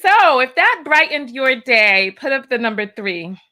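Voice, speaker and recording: Woman, call-in host, slightly high voice, chatty, upbeat. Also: very animated, a little slow, bright, forceful tone. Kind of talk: casual live call-in chat.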